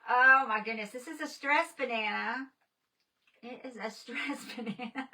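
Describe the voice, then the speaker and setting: A woman's voice: on the high side, unhurried, sharp tone, recorded from a distance, poor audio. A woman painting on a live stream, chatting casually with viewers and laughing often.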